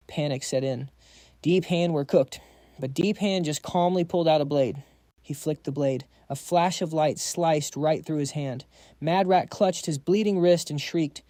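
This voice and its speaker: A man's voice: on the high side, normal speed, dark tone, dry recording. A man narrating a comic recap in a hyped, slangy storytelling manner.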